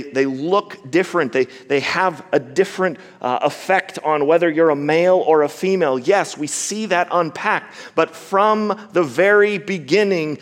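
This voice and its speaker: Emphatic male preacher in a reverberant hall. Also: fairly high pitch. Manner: emphatic, slows down to stress key words, repeats words when building a point. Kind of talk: sermon. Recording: long reverb of a large hall.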